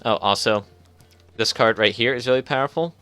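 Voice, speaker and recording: A man streaming a card game live, thinking aloud in halting starts while his voice grows strained. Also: medium pitch, sharp tone, soft background music. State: strained, fading voice. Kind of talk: casual live gameplay commentary.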